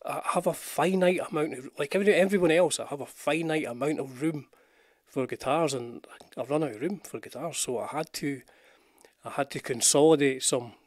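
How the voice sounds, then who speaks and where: Speaking at a moderate pace with a fairly high pitch, this older man from Scotland runs a guitar channel and chats loosely about guitars on a live stream. He's rambling and self-deprecating, saying hello to viewers in the chat, while wearing headphones and using a desk mic. The sound is clean, studio-grade and free of room noise.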